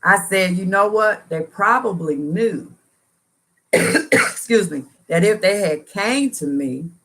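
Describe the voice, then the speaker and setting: A woman's voice: mid-range voice, lively intonation, slow, a bit bright. A woman hosting a casual livestream, talking earnestly in a preachy, slangy way and repeating phrases for emphasis. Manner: colloquial, slangy talk. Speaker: livestream host answering viewers. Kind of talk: casual live chat, motivational testimony.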